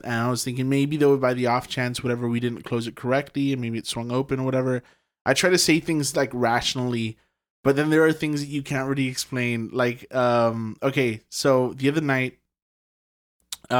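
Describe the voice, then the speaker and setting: A young man telling a story in casual chat, rambling, with lots of fillers and swearing. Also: mid-range voice. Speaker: podcast guest telling a ghost story.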